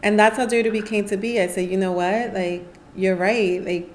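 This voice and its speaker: At normal speed and in a mid-range voice, a New York City woman who founded a nonprofit guests on a podcast. She's an animated storyteller in this casual interview, performing the voices of whoever she quotes.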